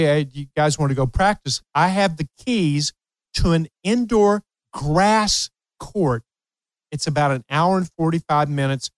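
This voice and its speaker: A man hosting a talk show, telling a coaching story in an animated way and laughing often. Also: fairly high pitch, no echo. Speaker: host, tennis coach. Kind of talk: storytelling in casual chat.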